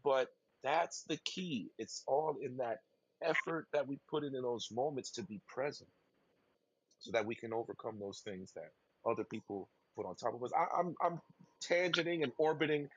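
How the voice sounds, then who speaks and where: A man's voice: mid-range voice, moderate pace, husky, no echo, lo-fi sound. A man co-hosting a podcast in casual talk, rambling and acting out little quoted voices as he goes. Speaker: podcast co-host.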